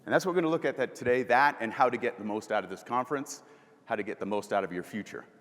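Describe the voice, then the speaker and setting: A man's voice: mid-range voice, quick pace, fairly bright tone. A man giving a live motivational talk at a conference, putting questions to the audience and guiding them through breathing exercises. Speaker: motivational speaker. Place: large conference hall. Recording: long hall reverb.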